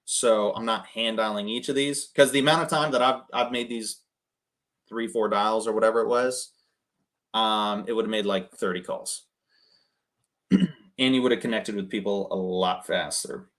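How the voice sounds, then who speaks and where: A man casually coaching people on cold calling between phone calls, often tagging his points with a quick "right?". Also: lowish voice, fairly even intonation, fairly bright tone. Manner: conversational, keeps adding "right?". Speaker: real estate wholesaling coach.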